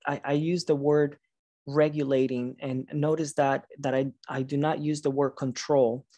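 A man presenting to teachers over a video call late at night, tired but encouraging. His voice sits in a middle pitch, and he trips over a word and restarts now and then. The sound is dry, with no room echo. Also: little pitch movement, moderate pace, mellow. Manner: encouraging, reads out audience answers with praise. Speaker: conference presenter, teacher educator. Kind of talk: online conference presentation.

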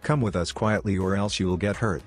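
A man voicing a gruff, surly male swordsman in a read-aloud fan story, grumbling and growling. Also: low-pitched, a little fast, faint music behind, lightly acted.

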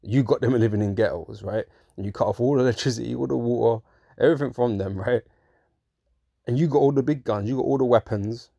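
A man's voice: mid-range voice, fast talker, gravelly, warm tone, no room sound, clean studio sound. A man giving an informal preaching monologue, talking conversationally, often asking "right?", chuckling and mocking in put-on voices. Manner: chuckles through his points, mocks in put-on voices. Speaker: religious commentator.

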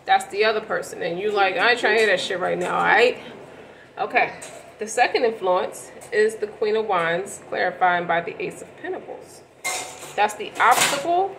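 A woman's voice: medium pitch, a little hiss or hum, poor audio. A woman giving a casual tarot reading to camera, rambling and slangy, often stopping to correct herself. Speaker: tarot reader.

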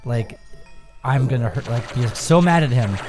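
Man, casual gaming banter, animated pitch, game music behind. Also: moderate pace. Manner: laughing, swearing, backseat gaming. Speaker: co-host watching a let's play.

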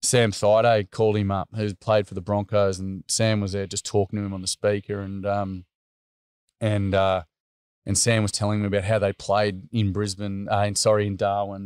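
A man's voice: lowish voice, a little mellow, clear, resonant tone, no room sound, clean studio sound. A middle-aged Australian man telling a personal story earnestly, with many fillers. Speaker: interview guest.

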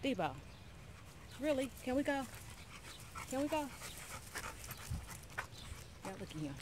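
A woman whose voice sits high and swings widely in pitch talks slowly to her viewers as she walks her dog through the neighborhood, drifting into baby talk now and then. She's sweaty and slightly winded, and background noise is audible.

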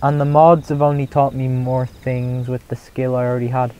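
A young man chatting casually while streaming a game, mocking his own play, reacting out loud and laughing often. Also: mid-range voice, flat delivery, normal speed, smooth, highs cut off. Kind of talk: casual live gameplay commentary.

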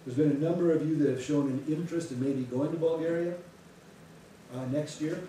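Pastor, male, animated storyteller; distant mic, big room echo, faint hiss. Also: fairly high pitch, fairly quick. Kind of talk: church announcements before a sermon. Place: church sanctuary. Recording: echoey sanctuary, distant mic.

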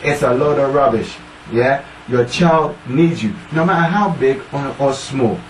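A man's voice: mid-range voice, a little slow. Emphatic man in a roomy, distant recording. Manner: emphatic, repeats "yeah?" to the listener. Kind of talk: casual discussion. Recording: roomy, distant mic, faint noise.

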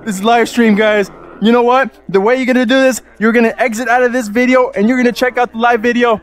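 A man hosting a live gaming stream, excitable and loud, hyping up his viewers as he plays. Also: extremely high pitch, fast talker. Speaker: gaming livestream host. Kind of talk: live game commentary.

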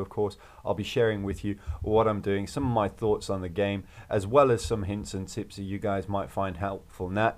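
A man with a slightly low voice talks viewers through a video game as he plays. His delivery is casual and upbeat, chatty and joking, as he shares tips and thoughts along the way. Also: darkish tone. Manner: upbeat, chatty and jokey, with playful rhymes and laughs. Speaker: video game walkthrough host. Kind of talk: casual gameplay commentary.

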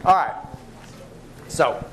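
A man's voice: very slow, fairly bright tone, some chatter behind, a little hiss or hum. A man lecturing to students in a lecture hall, chatty and joking as he teaches. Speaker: biochemistry professor. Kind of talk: university lecture.

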